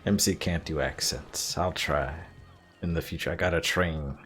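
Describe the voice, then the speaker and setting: A man's voice: very deep voice, fairly even intonation, normal speed, fairly bright tone, faint music behind. A man streaming a video game, chatting casually and laughing at himself. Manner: self-deprecating, laughs often. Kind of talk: casual let's-play commentary.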